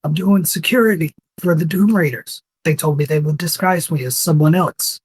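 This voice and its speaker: A man's voice: a little high, moderate pace, husky, pitched above the performer's own voice. A man voicing a scared young man caught in a disguise, talking nervously and pleading in a raised voice.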